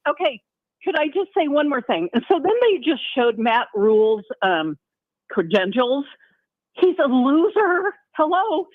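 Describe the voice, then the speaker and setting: An older woman on a tinny phone line, venting her frustration in a lively, up-and-down voice. She sounds exasperated and animated, her pitch sitting on the high side as she calls in to a radio show. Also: normal speed, dry recording. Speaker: caller. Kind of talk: call-in radio.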